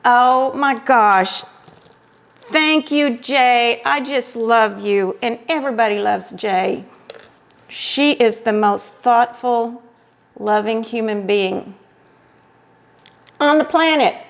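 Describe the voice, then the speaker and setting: Woman craft vlogger, effusive and exclaiming, slow-paced and high-pitched. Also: gravelly. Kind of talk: casual chat, unboxing mail.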